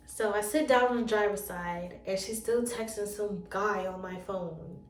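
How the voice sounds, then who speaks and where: Her mid-range voice is unhurried as this relationship coach and storyteller recounts something personal in a casual vlog. She brings the story to life by acting out the dialogue, and the sound is roomy with her voice distant from the mic.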